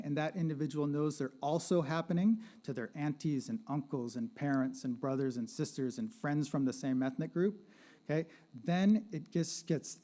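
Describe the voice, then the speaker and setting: Here a man with a slightly high, dark-toned voice lectures at an art gallery panel event. His style is conversational: he checks in with "right?" and invites participation by questioning the audience.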